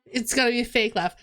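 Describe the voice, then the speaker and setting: A woman's voice: sits high, bright, forceful tone. Chatty woman streaming a game. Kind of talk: casual gameplay commentary.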